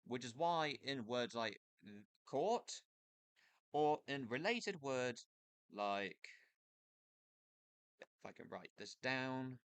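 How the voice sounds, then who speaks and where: A man giving a casual spoken explainer over a screen recording, thinking aloud in a loose, hesitant way with pauses and restarts. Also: medium pitch, lively intonation, fairly bright tone, clean tone, no room sound. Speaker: video creator explaining accents. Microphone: computer mic with screen capture.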